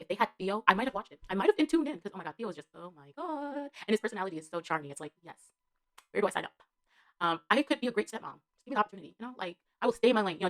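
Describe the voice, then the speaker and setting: A woman's voice: medium pitch, fairly bright tone. A woman giving a casual spoken TV show review as a vlogger. She rambles and gushes, fills her talk with slang and fillers, and laughs between remarks.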